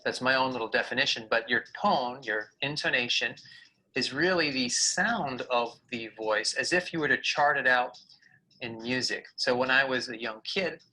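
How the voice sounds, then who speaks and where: A man presenting a scripted video lesson as a communication coach, explaining clearly and acting out examples. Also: mid-range voice, normal speed, pushed and bright, poor audio. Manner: clear explanatory delivery with vocal demonstrations.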